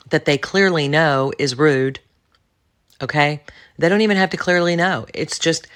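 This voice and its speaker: A woman talks alone on her podcast about personal growth, speaking bluntly and with conviction. She stresses key words by repeating them and often turns to address the listener directly. Her delivery stays self-assured and emphatic throughout. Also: sits low. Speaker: podcast host. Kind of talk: solo monologue on personal development.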